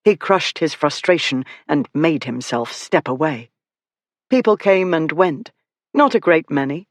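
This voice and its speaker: Steady audiobook narrator, dry close sound. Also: medium pitch, a little slow, no room sound. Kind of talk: scripted narration.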